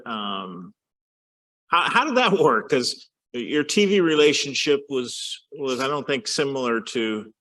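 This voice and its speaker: Middle-aged man host asking halting questions. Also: medium pitch, fairly bright tone. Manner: halting, self-correcting questions. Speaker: host, motorsports writer. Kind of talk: casual interview questions.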